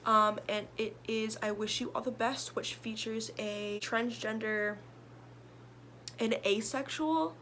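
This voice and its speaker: A woman's voice: on the high side, steady tone, slow, a bit bright, a little hiss or hum. A young woman, a book vlogger, chatting casually about her reading list in a rambling way full of fillers and restarts. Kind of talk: casual chat.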